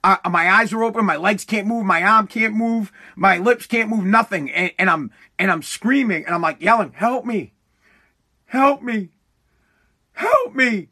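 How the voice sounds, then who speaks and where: High, bright-voiced rambling podcast host. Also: male voice, moderate pace, creaky, few pauses. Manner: rambling, profane, restarts often. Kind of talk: casual solo podcast monologue.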